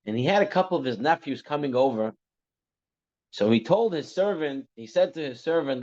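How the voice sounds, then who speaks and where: In a muffled lo-fi recording, a man teaches a Torah class through storytelling, his mid-range, slightly mellow voice lively in intonation at a normal speed. He keeps it conversational, repeats phrases and often checks in with "right?".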